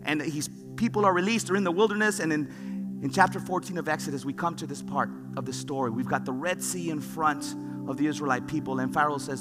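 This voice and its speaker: High-voiced male preacher in a reverberant hall. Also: brisk. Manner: retells scripture with rising fervor. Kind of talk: sermon. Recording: long reverb with music behind.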